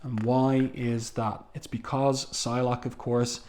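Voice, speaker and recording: A man's voice: medium pitch, level tone, slow pace, darkish tone. A man reviewing a comic book, walking through the panels in casual narration with frequent ums. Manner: walks through panels, reads dialogue aloud, frequent ums.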